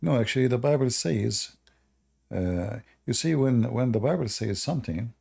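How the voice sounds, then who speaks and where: A man casually telling anecdotes as host, chuckling often and phrasing things loosely like a non-native speaker. His voice is gravelly and husky, with a dark, mellow tone. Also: medium pitch, expressive, moderate pace.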